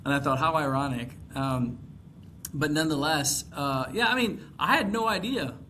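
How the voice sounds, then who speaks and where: Texas guy running for congress, kinda high voice, lots of "you know", a little background hiss. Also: moderate pace, sharp tone. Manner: rambling, frequent "you know" fillers and restarts. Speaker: congressional candidate. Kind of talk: casual podcast conversation.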